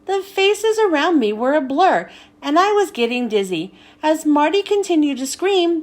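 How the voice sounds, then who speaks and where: Animated woman reading a kids' book. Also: high voice. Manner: animated, expressive storytelling. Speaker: children's book reader. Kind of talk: reading a children's book aloud.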